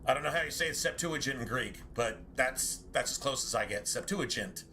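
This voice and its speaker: A man's voice: mid-range voice, brisk, pushed and bright, slight background noise. A man streaming a game, chatting casually with viewers in a rambling, musing way, correcting himself and swearing now and then.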